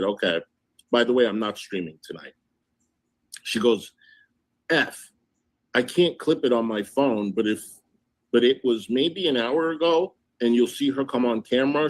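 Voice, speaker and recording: Indignant man recounting text messages. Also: mid-range voice. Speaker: livestream host. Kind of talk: casual livestream recounting.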